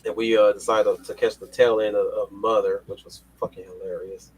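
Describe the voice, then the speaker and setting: A man's voice: lowish voice, level tone, moderate pace, a little mellow, slightly rough, rough recording. A man hosting a casual panel chat, rambling with many restarts and casual swearing. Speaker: podcast host.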